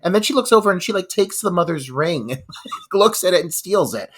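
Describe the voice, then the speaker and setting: A man's voice: sits high, animated, a little fast, a bit bright, slightly rough. A man co-hosting a podcast, reacting to horror movie scenes with swearing and vivid disgust. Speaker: podcast co-host. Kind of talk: casual movie discussion.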